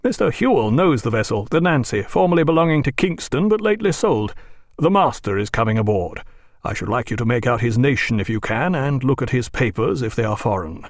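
A man's voice: mid-range voice, expressive, brisk, no room sound. Male narrator doing a hearty, commanding commodore, dry. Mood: confiding. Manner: loud and hearty.

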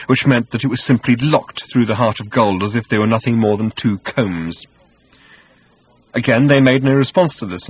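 A man reading a comic science-fiction audiobook in a wry, measured style. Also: mid-range voice, breathy edge. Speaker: audiobook narrator. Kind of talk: scripted narration.

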